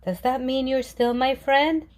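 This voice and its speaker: A woman voicing a playful little red female fox in a read-aloud storybook, speaking high and excitable. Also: a little slow, slight background noise. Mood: sad.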